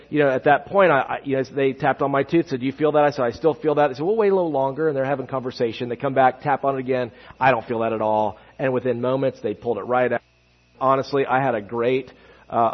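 A man preaching a sermon, telling a story with lively acted-out quotes before turning to prayer. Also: mid-range voice. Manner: animated storyteller acting out quotes. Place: church sanctuary. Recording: muffled sound in a reverberant church.

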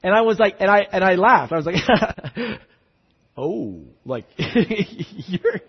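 A man preaching a sermon as a pastor, telling stories with many restarts and shifting between loud and hushed delivery. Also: high-pitched, lively intonation, slow pace, slightly rough, dull audio.

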